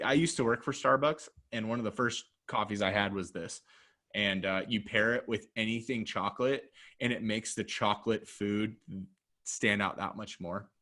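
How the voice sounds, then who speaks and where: A man co-hosting a casual podcast, trading jokes and banter. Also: mid-range voice. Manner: animated, jokey banter. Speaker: podcast co-host. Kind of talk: casual chat.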